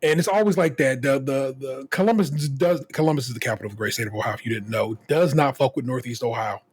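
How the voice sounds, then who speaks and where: A man's voice: medium pitch, fast, husky. A man co-hosting a casual podcast, ranting profanely with many restarts and acting out other people in quotes. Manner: animated, voices others in quotes. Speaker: podcast co-host.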